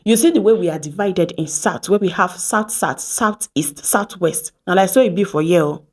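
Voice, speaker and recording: A Nigerian woman in her thirties from Edo State, telling stories to camera in a lively vlog, slipping into Pidgin and acting out what people said. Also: fairly low pitch, normal speed. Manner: animated, mixes Pidgin phrases, acts out quoted exchanges. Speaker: vlogger. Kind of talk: casual storytelling to camera.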